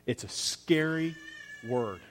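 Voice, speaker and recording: A man preaching a sermon, telling a story with dramatic swings from loud to hushed and acting out the characters' lines. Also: medium pitch, expressive, slow, slight background noise. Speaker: pastor.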